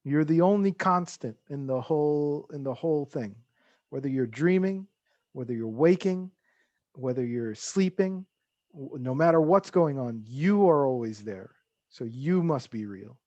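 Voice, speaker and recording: A man doing a calm wise guru. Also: on the high side, unhurried, no echo, highs cut off. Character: calm wise male spiritual teacher.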